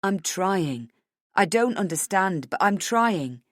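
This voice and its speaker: Reading an audiobook, a woman takes on the part of a scared young husband who is close to crying, pleading in soft, halting words. Her medium-pitched delivery is animated, and the close, dry recording has no echo.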